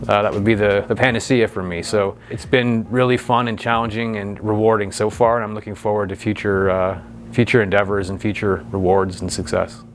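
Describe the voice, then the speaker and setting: A man in his forties with a fairly low voice, speaking as an author about his writing. His delivery is thoughtful and measured, and he moves on into a reading from his novel. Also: flat delivery, soft background music. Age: 40s. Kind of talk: author talk and book reading.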